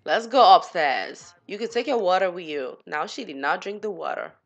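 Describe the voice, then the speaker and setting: A woman's voice: on the low side, lively intonation, normal speed, faint music behind. A woman giving casual gameplay commentary, chatty and giggly, talking to her game characters as she plays. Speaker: gaming channel host.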